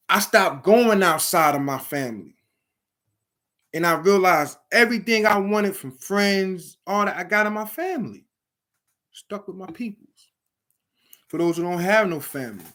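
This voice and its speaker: A man's voice: fairly high pitch, a bit bright. A middle-aged man giving blunt, profane advice to young people in the streets, speaking emphatically in a preachy street manner. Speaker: vlogger giving advice to at-risk youth. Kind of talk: blunt motivational talk to camera.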